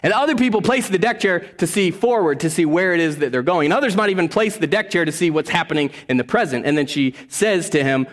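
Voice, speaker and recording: A man preaching a sermon as pastor, earnest, moving between quiet asides and raised appeals. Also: fairly high pitch, fast talker, few pauses, in a large hall.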